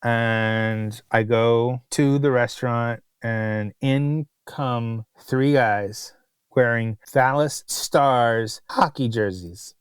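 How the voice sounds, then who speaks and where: A man's voice: medium pitch, extremely slow, clean tone, no echo. A man co-hosting a podcast and telling a long restaurant story in casual chat, with exasperated asides. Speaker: podcast co-host, restaurant critic.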